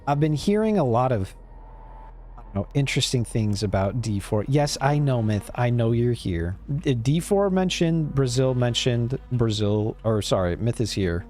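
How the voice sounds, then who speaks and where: A man's voice: mid-range voice, lively intonation, moderate pace, darkish tone. A man casually rambling to his chat while streaming a game, laid-back and swearing now and then. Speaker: live streamer. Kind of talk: casual gameplay commentary talking to chat.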